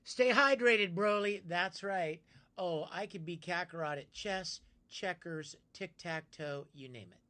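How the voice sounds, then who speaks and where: A bright, ringing male voice chatting live with viewers from a home streaming setup. He is playful and greets people by name with sudden bursts of excitement. He then drops into easy, joking banter. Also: sits high, a little slow.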